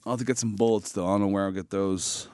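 A man's voice: steady tone, quick pace, clean tone, dry recording. Profane, goofy podcast co-host man. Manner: goofy, profane, bursts into loud high-pitched mock voices. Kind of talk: casual podcast banter. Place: small podcast studio.

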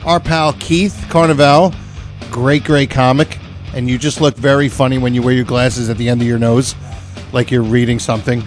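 Male show host, mid pitch, loose and joking, casual studio chat. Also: steady tone, moderate pace, soft background music. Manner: rambling, joking. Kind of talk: casual comedy podcast chat.

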